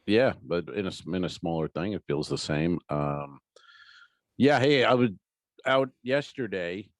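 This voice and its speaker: A man with a lowish voice that swings up and down a lot as he spins a story. He co-hosts a comedy podcast in a loose, casual chat and swears freely. The sound is dry and close, with no room around it. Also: animated, measured pace, no echo.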